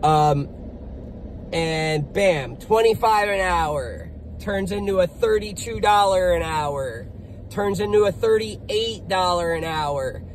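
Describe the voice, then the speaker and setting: A man's voice: high-pitched, animated, slow pace, a little hiss or hum, rough recording. A man who is a generator technician and small business owner, talking in a blunt, profane, upbeat vlog between jobs. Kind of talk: casual motivational vlog.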